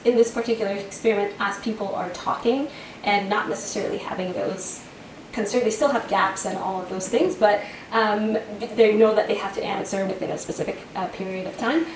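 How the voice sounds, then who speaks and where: A woman's voice: medium pitch, fairly even intonation, brisk, far from the mic, slight background noise. A woman researcher answering questions after a talk, explaining carefully with fillers. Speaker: researcher guest. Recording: echoey room picked up from afar.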